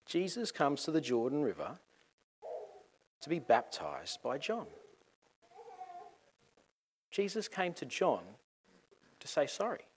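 A man preaching a sermon in a lively, conversational and joking way. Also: fairly high pitch, slow, long pauses, husky.

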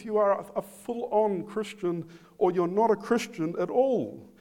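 Male pastor, sermon delivery, unhurried and emphatic, slightly raised pitch. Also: dark tone. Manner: slow, emphatic preaching with repeated phrases.

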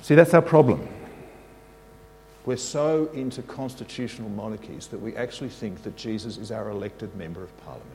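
A man preaching a sermon, animated and leading the congregation in call-and-response. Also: lowish voice, brisk. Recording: long reverb of a large hall.

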